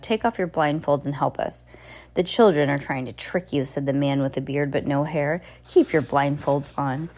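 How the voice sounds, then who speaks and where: A woman reading a novel aloud in a relaxed, unpolished way, often tripping over words and starting again. Her voice sits a little low, and it jumps up in pitch whenever she speaks a character's line. She drops in offhand asides between the sentences. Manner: stumbles and restarts often, adds asides; raises pitch for characters' lines. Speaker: amateur audiobook reader. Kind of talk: casual read-aloud of a novel.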